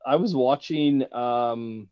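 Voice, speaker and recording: A man's voice: mid-range voice, takes it slowly, no room sound. A man from Victoria, British Columbia, a podcast guest in casual chat, who laughs often and acts out his stories. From Victoria, British Columbia, Canada. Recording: dull lo-fi recording.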